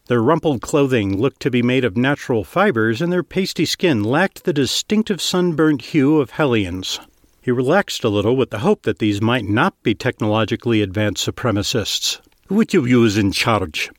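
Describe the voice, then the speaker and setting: Reading scripted fiction close to the mic, a man narrates at normal speed in a medium-pitched voice. His storytelling is steady and even, with no room sound in the recording.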